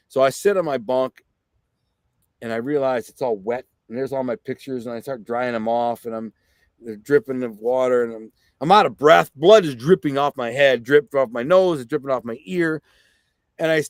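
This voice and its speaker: A man's voice: mid-range voice, fairly even intonation, normal speed, clean tone, no room sound. A man guest telling a personal story in blunt, plainspoken street talk. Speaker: podcast guest.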